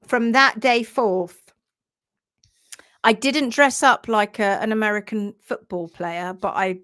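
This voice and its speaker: A woman, a hoof trimming instructor, telling an animated story on a live stream and acting out sounds and voices. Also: mid-range voice.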